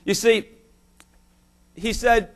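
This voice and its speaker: A man with a notably high voice delivers a church sermon. He preaches emphatically and illustrates his points with stories told straight to the congregation. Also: steady tone, drawn-out words. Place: church service.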